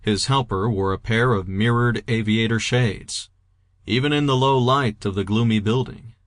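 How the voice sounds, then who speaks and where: A man reading a novel aloud in a steady, even audiobook narration. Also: on the low side, normal speed, no echo, clean studio sound. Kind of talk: scripted narration.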